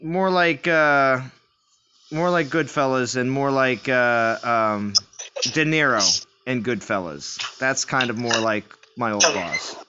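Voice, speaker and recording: A man's voice: medium pitch, takes it slowly, background noise. A man hosting a game stream, chatting casually with friends and restarting his phrases as he rambles. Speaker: streamer host. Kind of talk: casual voice chat banter. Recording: lo-fi voice chat audio.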